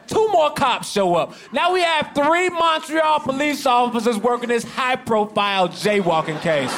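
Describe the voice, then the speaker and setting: A man tells a stand-up story in a fairly high voice with dry, sardonic timing. Clear background noise runs under the live recording. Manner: sardonic, conversational, sliding into mocking voices. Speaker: stand-up comedian.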